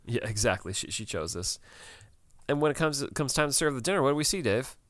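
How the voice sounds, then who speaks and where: A man's voice: medium pitch, animated, fairly quick, fairly bright tone, no echo, clean studio sound. A man co-hosting a casual TV recap chat, talking loosely with many fillers and laughs. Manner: chatty, laughs often, many fillers and restarts. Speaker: podcast co-host.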